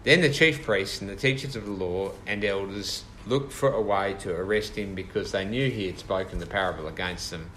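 A man's voice: low voice, brisk, few pauses, a bit bright, a little hiss or hum, low-quality recording. A man leading an informal Bible study with a small group, thoughtful and hesitant, with many fillers and restarts.

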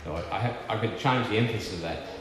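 A man preaching a sermon with earnest, emphatic delivery, slowing down to stress key words. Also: on the low side, fairly bright tone, slight background noise. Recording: echoey church hall with long reverb.

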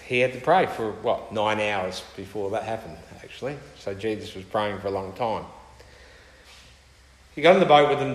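A man's voice: mid-range voice, a bit bright. Man preaching in an echoing hall. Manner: emphatic, asks rhetorical questions. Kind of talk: sermon. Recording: echoey hall with long reverb.

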